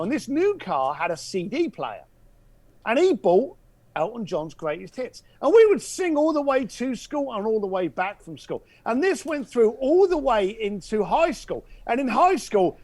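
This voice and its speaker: A man tells a story as a podcast guest and acts out each voice along the way. His voice runs high and swoops around a lot, and it is recorded close and dry. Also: no echo. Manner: animated storyteller, acts out voices, drops to a hush for effect. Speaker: podcast guest, concierge founder. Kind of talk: storytelling anecdote.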